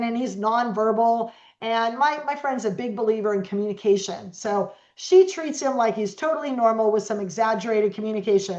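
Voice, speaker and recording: A middle-aged woman guest telling stories in an interview, animated and acting out the voices of the people she quotes. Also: medium pitch. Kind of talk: storytelling interview talk. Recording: echoey, dull lo-fi sound.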